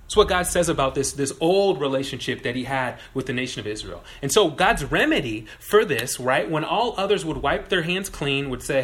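A man preaching a sermon in a relaxed, conversational way, telling stories and putting questions to his listeners. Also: fairly high pitch, a little fast, hardly any pauses. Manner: conversational, animated storytelling with audience questions. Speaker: pastor.

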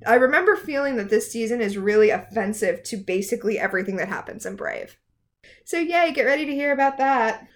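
Animated sarcastic woman podcast host. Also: fairly high pitch, a little fast. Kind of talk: casual recap chat.

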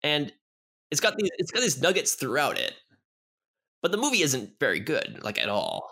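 A man's voice: a little high, wildly swooping pitch, normal speed, creaky, bright, forceful tone, slightly rough. Joking podcast co-host man. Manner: jokey, laughs often, repeats words while thinking. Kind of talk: casual chat.

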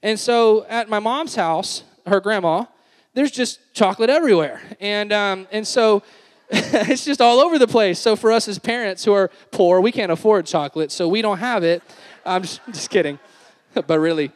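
A man in his thirties preaches a sermon with a fairly high voice. He tells a family story with laughter, then settles into a hushed, earnest tone. His voice rings with the long reverb of a large hall. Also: moderate pace. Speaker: pastor.

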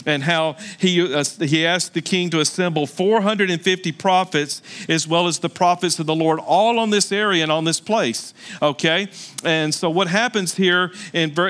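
A male pastor preaches with a high, ringing voice, retelling the story with lively exclamations and side remarks. His tone stays bright and forward. He speaks indoors. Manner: animated storytelling with exclamations and asides. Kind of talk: sermon.

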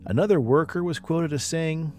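A man's voice: a little high, moderate pace, a little mellow, faint music behind. A man hosting a podcast, telling a spooky story in a dramatic, rising and falling way. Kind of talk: storytelling narration.

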